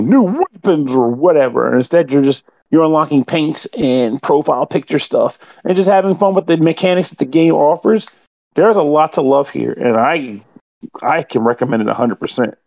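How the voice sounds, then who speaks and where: Man, higher voice, talkative, wordy game review, self-correcting. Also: a little mellow. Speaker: podcast co-host reviewing a game. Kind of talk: casual podcast review.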